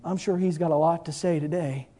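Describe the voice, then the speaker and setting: High-voiced male preacher, mellow tone. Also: steady tone, fairly quick. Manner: impassioned, preaching with rising and falling intensity; reads scripture in archaic King James wording. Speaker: pastor. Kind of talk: sermon.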